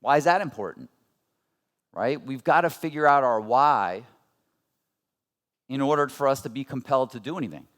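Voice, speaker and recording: Man, thirties, motivational seminar speaker, earnest, conversational, rhetorical questions, medium pitch. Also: expressive, moderate pace, pauses often, fairly bright tone.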